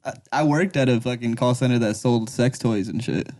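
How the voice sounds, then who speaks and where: A man's voice: medium pitch, moderate pace, darkish tone. A man co-hosting a podcast, chatting casually with crude jokes and frequent laughter. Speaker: podcast co-host. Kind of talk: casual chat. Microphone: studio microphone.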